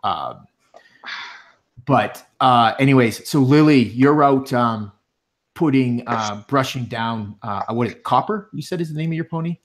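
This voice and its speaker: A man narrating a tabletop game as game master, speaking haltingly with frequent pauses and fillers. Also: medium pitch.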